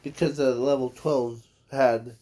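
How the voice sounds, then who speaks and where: A man improvising a casual fan story, halting and rambling with constant restarts and self-corrections. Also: medium pitch, fairly even intonation, mellow.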